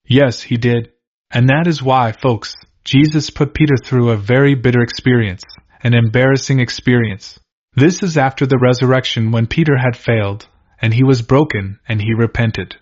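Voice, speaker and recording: A man's voice: mid-range voice, moderate pace, a little mellow, lo-fi sound. A man preaching a sermon, explaining a Bible passage in an earnest teaching manner and posing questions to his listeners.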